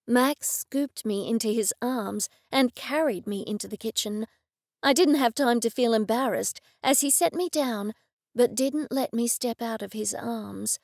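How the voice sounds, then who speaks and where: A woman reads a first-person audiobook in an expressive, intimate storytelling style. Her voice sits fairly high, with a gravelly fry. The recording is dry and close to the mic. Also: a little slow, dry recording. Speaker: audiobook narrator.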